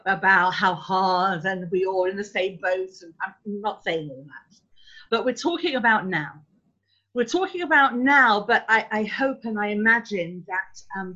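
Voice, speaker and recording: A woman giving a parenting workshop talk in a measured, thoughtful way, with frequent ums and words slowed for emphasis. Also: mid-range voice, a bit bright. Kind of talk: live online talk. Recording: dull lo-fi sound.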